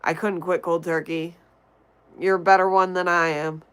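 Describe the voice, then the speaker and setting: A young woman from Connecticut hosts a casual livestream, reading the chat and greeting viewers by name as she talks. Her voice is on the low side, smooth and level, at a moderate pace. The audio is poor.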